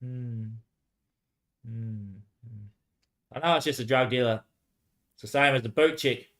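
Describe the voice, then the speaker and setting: A man's voice: medium pitch, a little slow, a bit bright. A man talks alone on a casual livestream in an ordinary mid-range voice. He rambles loosely and trades lines back and forth with himself, peppering it with "mate" and bursts of laughter. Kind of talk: rambling solo livestream talk.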